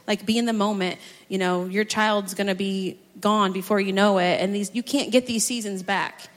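A middle-aged woman speaking as a church guest, sharing her parenting stories in a chatty, animated way. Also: medium pitch, moderate pace. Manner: chatty, animated, acts out her own outbursts. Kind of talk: personal testimony on a church stage. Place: church sanctuary. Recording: long hall reverb.

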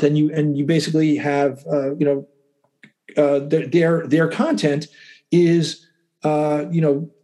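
A calm, even-keeled middle-aged man, a lawyer and writer, speaking as an interview guest with halting restarts. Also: a little high. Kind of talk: casual interview talk.

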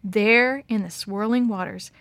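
A woman reads a story aloud with expressive, dramatic narration. Her voice sits at a middle pitch. The recording is dry and close, with no room echo. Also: unhurried.

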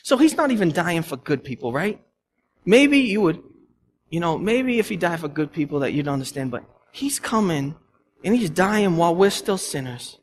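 Brief: male pastor, 30s, storytelling sermon voice, slightly high, long church echo with faint hiss. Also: moderate pace. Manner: animated, storytelling with lively asides. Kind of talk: conversational sermon. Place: church sanctuary. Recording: long church reverb, faint background noise.

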